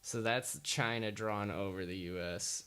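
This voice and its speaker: A male co-host from the States, talking with a fairly low voice. He stays laid-back and sparing with words, dropping quick reactions and dry, sometimes profane remarks into the conversation. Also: fairly even intonation, sharp tone, clean tone. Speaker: podcast co-host. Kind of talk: casual chat.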